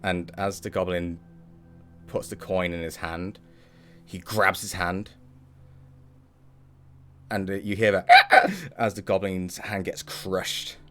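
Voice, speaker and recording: Brief: casual game master, very deep voice, faint background music. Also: male voice, level tone, takes it slowly, pauses often, fairly bright tone. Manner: loose, chatty narration with fillers and restarts. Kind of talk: narrating a tabletop game.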